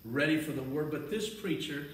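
A male pastor preaching a sermon, building to loud, fervent emphasis. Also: fairly high pitch, normal speed, a little hiss or hum. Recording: echoey room, distant mic.

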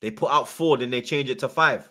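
A man rants through a live fan watchalong stream, his voice forceful and tense. He swears hard, repeats taunts and keeps firing back "yeah?" at the chat. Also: medium pitch, a little fast. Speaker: streamer hosting a football watchalong.

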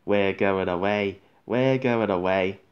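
A man's voice: sits low, takes it slowly, lo-fi sound. A man voicing happy railway coaches who chant in a sing-song way.

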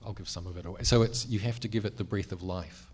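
Low-voiced New Zealand man, wry. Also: fast talker, a little mellow, a little hiss or hum. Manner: self-deprecating, wry, chatty with many fillers. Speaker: cartoonist guest on a panel. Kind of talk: panel conversation. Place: convention panel room.

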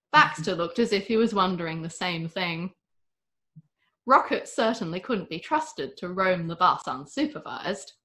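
A woman narrating a storybook tale aloud with a lively, expressive reading. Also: lowish voice.

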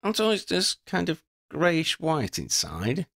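A man's voice: medium pitch, very animated, normal speed, creaky, fairly bright tone, no echo, clean studio sound, voice pushed up. A man voicing a clever young witch who grumbles and quibbles. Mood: grumbling.

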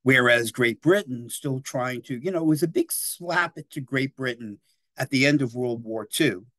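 A man in his sixties gives a relaxed history lecture, talking in a chatty, digressive way. He keeps tagging his points with quick check-ins to the room, and his voice sits at a medium pitch. The sound is dry and close, with little room echo. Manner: chatty and digressive, often tags "right?" and "you know".

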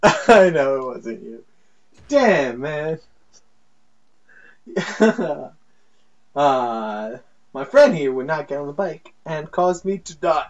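A man doing let's play commentary, excitable and laughing, yelling at his teammates. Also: fairly high pitch, takes it slowly, long pauses, distant mic, dull audio. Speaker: gaming YouTuber.

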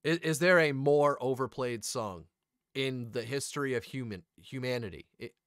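A man hosting a reaction video, talking casually to himself with quick exclamations. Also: mid-range voice, fairly bright tone, no room sound, clean studio sound.

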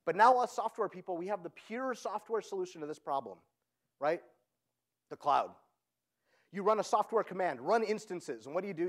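High-voiced energetic man giving a keynote. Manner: energetic, keeps checking in with the audience by asking "right?". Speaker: conference speaker. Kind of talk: keynote talk.

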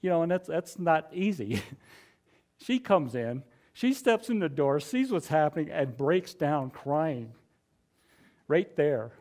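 A middle-aged man preaching a conversational sermon, sharing a personal testimony in an earnest, chatty way with many fillers and soft laughs. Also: fairly high pitch, lively intonation, slow pace.

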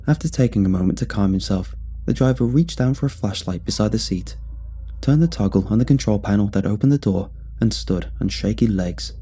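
A man telling a first-person horror story in measured scripted narration. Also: fairly low pitch, warm tone, breathy edge. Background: faint music.

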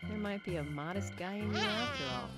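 A young woman from a video game who teases softly and wryly. Her voice moves up and down lively in pitch, and loud game music plays beneath her. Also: a little fast. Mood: teasing. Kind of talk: game dialogue.

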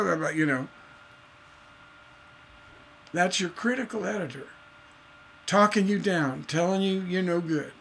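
A man teaching songwriting in a casual, animated way, acting out scenes as he talks. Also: sits high, a little slow, vocal fry, pauses often, a little hiss or hum. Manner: animated storytelling, acts out voices. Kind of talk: casual instructional talk.

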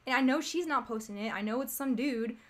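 A woman's voice: a little high, fairly quick. A woman hosting a casual commentary stream, talking in a rambling, exasperated, chatty way. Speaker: streamer host.

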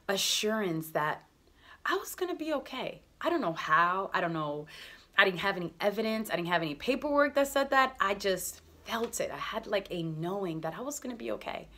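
A young adult woman shares her personal faith testimony, earnest and conversational, leaning often on "like" and "you know." Her mid-range voice comes across pushed and bright.

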